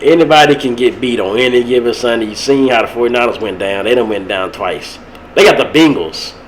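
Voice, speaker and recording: A young man, hosting a podcast and rambling about a local high school football game. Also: fairly quick, slight background noise, low-quality recording. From Texas. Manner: rambling, animated, laughs at his own stories. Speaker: podcast host. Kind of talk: casual sports talk.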